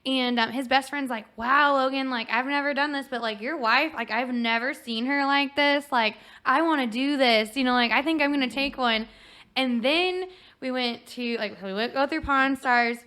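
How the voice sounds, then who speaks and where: A woman's voice: high voice, normal speed. A young woman, a podcast guest, telling a story in casual chat, acting out what people said and filling her talk with "like". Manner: animated, acts out quotes, many "like" fillers.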